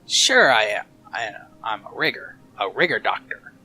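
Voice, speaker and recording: A man voicing a cheerful, hungover middle-aged male cyber doctor who jokes loudly, with a Midwestern accent. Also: on the low side, very animated, normal speed, full character voice. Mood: jovial. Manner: loud, boisterous, joking.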